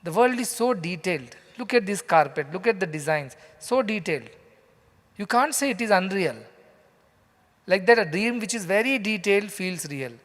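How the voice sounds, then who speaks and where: A man's voice: sits high, lively intonation, normal speed, fairly bright tone. A man with an Indian English accent gives a scripture lecture to a live audience in a large hall, telling stories and putting questions to the listeners. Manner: conversational storytelling, asks the audience questions. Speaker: spiritual teacher. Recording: reverberant hall.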